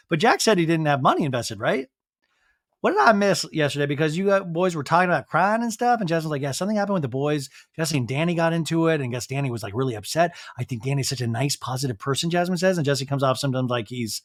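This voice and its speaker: A man's voice: a little high, sing-song, fast talker, no room sound, studio quality. A man hosting a podcast, recapping a reality show in a sarcastic, gossipy way and acting out the cast's lines in shifting voices. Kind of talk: comedic recap with quoted voices.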